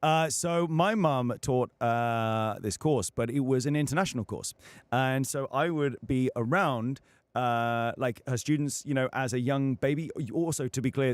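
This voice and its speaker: A medium-pitched male voice with no room sound belongs to a young voice actor from the United Kingdom. As a guest in a casual livestream interview, this British man explains things thoughtfully, often leaning on fillers.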